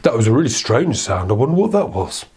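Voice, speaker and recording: A man's voice: medium pitch, sing-song, quick pace, darkish tone, husky. A man voicing a kind, brave lumberjack father in a plain, matter-of-fact way that is close to his own speaking voice. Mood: puzzled.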